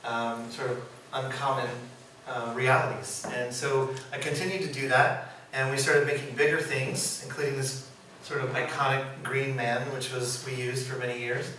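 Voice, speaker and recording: A man who works as a puppeteer, giving an informal, animated storytelling talk and laughing often as he acts out quotes. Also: mid-range voice, moderate pace, hardly any pauses. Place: presentation room. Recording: echoey room, mic far, background noise.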